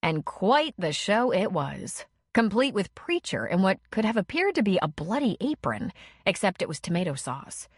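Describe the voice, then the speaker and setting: Woman, audiobook narrator, measured, expressive, dry close recording. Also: medium pitch, breathy edge, no echo. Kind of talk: scripted narration.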